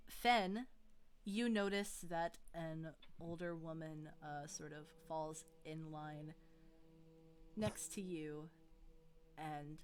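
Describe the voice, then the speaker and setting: A woman narrating a tabletop game as game master, unhurried, with frequent ums. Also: lowish voice, slight background noise.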